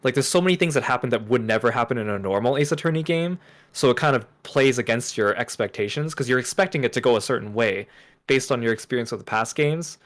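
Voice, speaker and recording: A man joining a stream as a guest, talking in an easygoing, steady way. His voice sits at a mid pitch, and his delivery stays even and unhurried. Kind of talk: casual chat.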